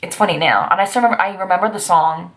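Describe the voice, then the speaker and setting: A woman's voice: fairly low pitch, rapid-fire, a bit bright. A woman in her twenties talking through personal memories in a chatty, rambling vlog, breaking into sassy asides along the way. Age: 20s. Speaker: vlogger.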